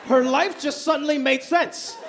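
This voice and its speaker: A man performing a stand-up comedy routine on a club stage, talking in an animated way and acting out the voices he quotes. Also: very high-pitched, normal speed. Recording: live club recording with crowd noise. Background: audience laughter.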